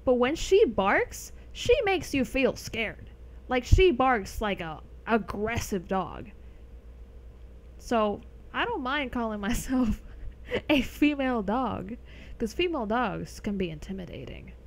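A woman's voice: a little high, big pitch swings, slow pace. A young adult woman streaming a game, chatting casually with viewers, rambling and laughing often. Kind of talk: casual live-stream chat over gameplay.

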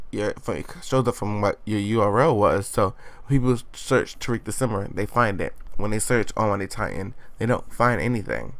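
A man's voice: fairly low pitch, no room sound. Sassy teenage guy narrating gameplay. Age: late teens. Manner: sassy, chatty running commentary with playful exclamations. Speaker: gaming channel host. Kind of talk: let's play commentary.

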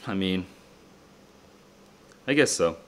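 A man's voice: low voice, expressive, slow pace, a bit bright. A tired young man thinking aloud as he solves test questions, muttering and double-checking himself, with casual asides to viewers from his room. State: tired and distracted. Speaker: SAT tutor.

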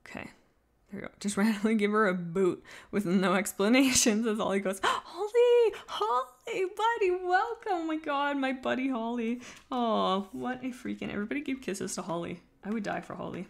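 A woman chatting casually on a live stream while she draws, rambling and poking fun at herself, sometimes trailing off quietly as she focuses. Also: medium pitch, vocal fry. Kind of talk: casual livestream chat while drawing.

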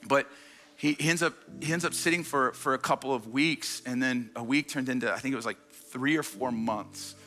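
Bright-voiced man preaching with energy. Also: mid-range voice, soft background music. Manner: energetic storytelling, quick repeated restarts. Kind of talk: sermon. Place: church stage before a congregation.

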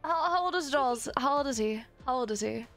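A woman's voice: high-pitched, expressive, brisk, fairly bright tone, soft background music. Bawdy, playful woman streamer. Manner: playful, crude, flirty joking with chat. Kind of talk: casual live-stream chat while gaming.

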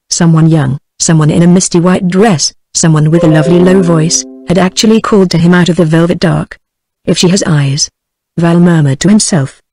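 A British woman narrating a storybook in a steady, even text-to-speech reading. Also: fairly low pitch, no echo, rough recording. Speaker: audiobook narrator. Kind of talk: scripted narration.

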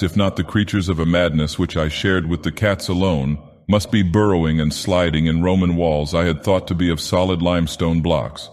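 A man narrating an audiobook in character as an ancient, menacing male god-king villain from a fantasy game, speaking slowly and gravely. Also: low voice, darkish tone, lightly acted. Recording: long echoing reverb.

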